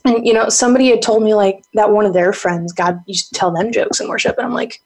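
A woman guest telling a casual story in an animated way, with many fillers. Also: medium pitch, fast talker. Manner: animated, chatty, full of fillers and laughs.

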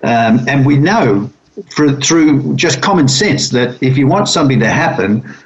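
A man speaking as a guest on a business radio interview, explaining his ideas in a thoughtful, halting way with many fillers. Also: mid-range voice, lively intonation. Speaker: guest, business consultant and author. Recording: dull lo-fi radio recording.

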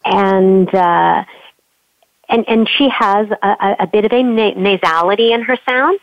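A woman voice coach being interviewed, talking expressively and sometimes showing pitch changes with her own voice. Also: a little slow, dry recording, highs cut off. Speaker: voice coach guest. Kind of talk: remote interview conversation.

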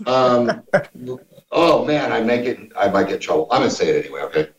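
A man's voice: medium pitch, a little fast, crowd noise. A man from Missouri, a former gym owner, telling blunt, profane stories in casual talk. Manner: blunt, profane anecdotes with lively shifts. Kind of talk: casual storytelling. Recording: roomy, distant, dull sound.

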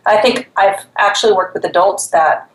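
A woman's voice: medium pitch, normal speed, echoey room, rough recording. A woman therapist, a guest on a talk show, explaining things conversationally. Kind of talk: casual chat.

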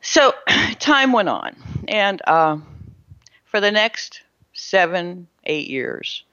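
A middle-aged woman telling a personal story in a monologue, animated and prone to restarting and repeating her words. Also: mid-range voice, drawn-out words, smooth, no room sound, highs cut off. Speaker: spiritual storyteller.

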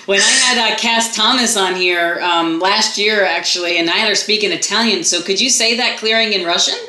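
Woman talk radio host, bright and effusive, roomy echoey sound. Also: mid-range voice, normal speed. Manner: enthusiastic, animated, chatty. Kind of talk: casual talk radio chat.

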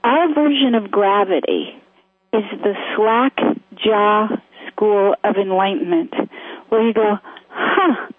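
A woman co-hosting a call-in advice show, talking gently and searching for her words as she goes. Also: medium pitch, takes it slowly, no echo. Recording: phone-line audio.

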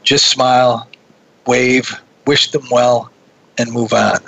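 A man recounting a personal anecdote in casual conversation, his voice gravelly and husky yet bright and forward. He gets animated as he goes, often repeating words and restarting his sentences. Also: medium pitch, takes it slowly, rough recording. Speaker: guest telling a story. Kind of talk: conversational storytelling.

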